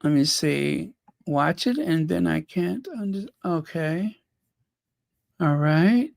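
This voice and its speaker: A woman's voice: sits low, animated, takes it slowly, gravelly, a little mellow, dry recording, studio quality. A woman hosting a fan channel livestream, chatting casually, thinking aloud and reading out viewer comments. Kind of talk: casual chat reacting to clips and viewer comments.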